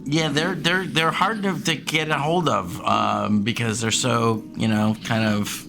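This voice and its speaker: A man's voice: medium pitch, fairly even intonation, unhurried, creaky. A man running a tabletop game as game master, narrating unhurriedly with many ums. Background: background music.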